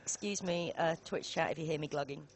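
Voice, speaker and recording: A woman's voice: low-pitched, brisk. A woman commentating a live poker stream, joking and bantering with her co-host. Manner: jokey, banter-loving.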